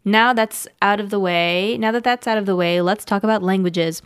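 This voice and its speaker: A woman co-hosting a podcast, reading a listener's email aloud in casual chat, with dry, brief replies and halting reading. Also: medium pitch, fairly even intonation, clear, resonant tone, no echo. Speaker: podcast co-host.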